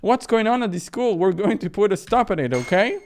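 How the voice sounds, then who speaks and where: A man voicing a brash, foul-mouthed teenage girl who shouts and swears. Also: high voice, expressive, fairly quick, pitched above the performer's own voice. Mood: angry.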